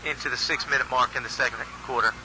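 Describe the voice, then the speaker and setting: A man's voice: medium pitch, steady tone, fast. Male announcer, easygoing play-by-play, noisy field audio, mid-range voice. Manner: folksy, chatty, restarts phrases often. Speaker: youth football play-by-play announcer. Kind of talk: live sports commentary. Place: outdoor football field. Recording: noisy outdoor field recording.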